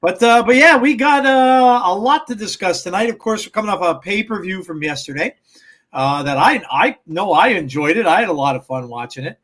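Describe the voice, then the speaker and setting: A man's voice: sits high, animated, fairly quick, a bit bright. A man co-hosting a wrestling podcast, telling rambling anecdotes in casual chat, with lots of fillers and restarts and laughter at his own stories. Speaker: podcast co-host.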